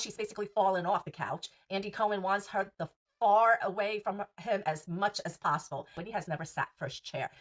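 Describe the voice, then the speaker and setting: A woman's voice: mid-range voice, a bit bright. A woman hosting a podcast, recapping reality TV gossip in a sassy, profane and emphatic way. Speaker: podcast host.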